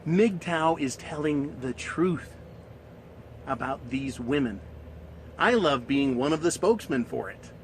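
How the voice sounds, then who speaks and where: A man's voice: fairly high pitch, animated, takes it slowly, a little hiss or hum, rough recording. Coarse scornful man ranting. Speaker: commentator. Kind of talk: profane ranting monologue.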